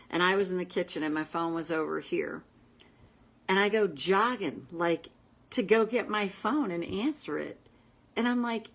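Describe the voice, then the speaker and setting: A woman coach talks to her viewers in a relaxed, conversational livestream style. Her voice sits a little low, and at times she lowers it to a soft, reassuring whisper. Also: low-quality recording. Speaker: self-help coach and host.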